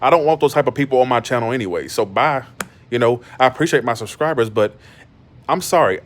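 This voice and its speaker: A man's voice: mid-range voice, animated, fast talker. A man hosting a tarot channel, ranting bluntly in casual livestream talk and repeating himself for emphasis.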